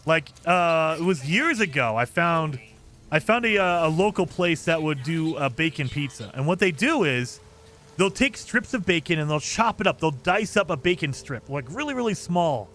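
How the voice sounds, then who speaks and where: A man's voice: on the high side, expressive, normal speed, a bit bright. A man streaming a game, chatting casually and reacting to viewer comments with lots of fillers. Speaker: gaming streamer. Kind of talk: casual chat with live chat.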